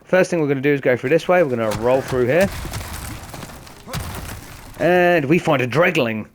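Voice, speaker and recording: A man's voice: mid-range voice, normal speed, a little hiss or hum. A man commenting casually on a game, explaining each step to viewers in a chatty way. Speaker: gaming host. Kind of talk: casual let's-play commentary.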